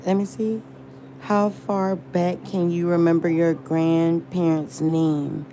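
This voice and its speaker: A woman's voice: fairly low pitch, level tone, takes it slowly, dark tone, slight background noise. A woman rambling and searching for words in a casual livestream chat. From American South. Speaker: livestream host.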